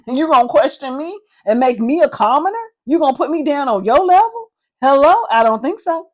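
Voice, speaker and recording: God, as a woman puts him on, sarcastic and high. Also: lively intonation, moderate pace, darkish tone, lo-fi sound. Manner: sarcastic, demanding answers. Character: mighty sarcastic God, male, ancient, challenging.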